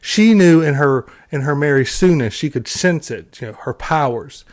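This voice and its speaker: A man ranting in a sarcastic, exasperated commentary, with halting restarts and repeated words. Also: fairly high pitch, lively intonation. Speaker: film commentary vlogger.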